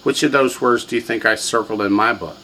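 A man's voice: mid-range voice, a little fast, pushed and bright, a little hiss or hum, low-quality recording. A man teaching a classroom lesson, drilling students with repetition and quiz questions. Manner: drills students, has them repeat words, quizzes them. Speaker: language teacher.

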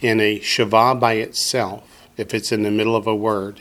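A man teaching a class, speaking patiently and deliberately and quizzing his students with questions. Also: lowish voice, little pitch movement, a bit bright. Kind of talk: classroom lesson.

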